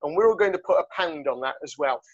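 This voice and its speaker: High-voiced male podcast host. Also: animated, fast, husky. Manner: jokey, rambling, lots of fillers. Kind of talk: casual rugby chat. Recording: dull lo-fi sound.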